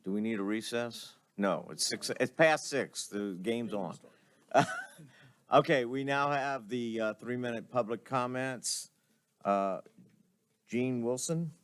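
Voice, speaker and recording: A man chairing a public board meeting, calling votes and running the agenda in a measured, procedural way into a table microphone. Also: mid-range voice, a bit bright, clear, resonant tone.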